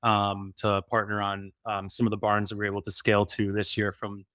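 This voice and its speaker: A man's voice: lowish voice, completely flat delivery, fairly bright tone, no room sound. A man speaking as a podcast guest in casual interview chat, with frequent "um" fillers. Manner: many "um" fillers, fast enthusiastic bursts. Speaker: podcast guest, rental property owner.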